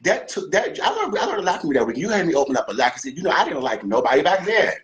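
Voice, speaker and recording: Casual interview guest: animated, cursing man from D.C., lively pitch. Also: fast talker, rough recording. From Washington D.C. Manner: animated, emphatic, profane, repeats words.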